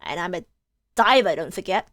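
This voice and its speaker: A woman's voice: lowish voice, animated, normal speed, a bit bright, dry recording, pitched below the performer's own voice. A woman voicing a tough, streetwise young female urchin who speaks bluntly and defiantly. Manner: brusque, defiant.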